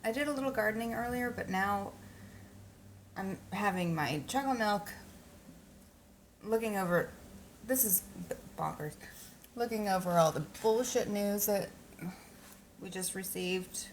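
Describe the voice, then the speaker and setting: Sleepy, slow-talking woman ranting to viewers. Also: mid-range voice, slight background noise. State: just woken up, sleepy. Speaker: livestream host. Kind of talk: casual livestream chat.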